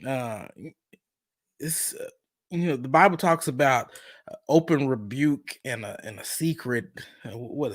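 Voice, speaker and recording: A man hosts a casual talk show from a video call. His voice sits in an ordinary middle pitch. He talks haltingly, repeating words and leaning on fillers. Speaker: host.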